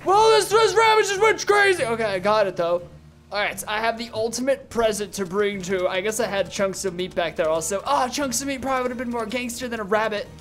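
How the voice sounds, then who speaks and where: A man's voice: high-pitched, fairly even intonation, fast, a bit bright, soft background music. A young man hosting a casual gaming video, cracking crude jokes and laughing often. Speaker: gaming YouTuber host.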